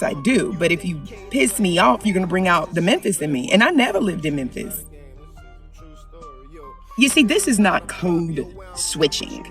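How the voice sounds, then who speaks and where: A woman vlogger delivers an emphatic opinion rant, repeating lines for effect while her volume swings between loud and low. The mic sounds distant.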